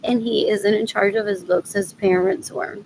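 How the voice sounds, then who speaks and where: A woman's voice: medium pitch, fairly even intonation, moderate pace, darkish tone, slight background noise, poor audio. A woman talking in a rambling monologue, repeating phrases again and again and switching between English and Spanish.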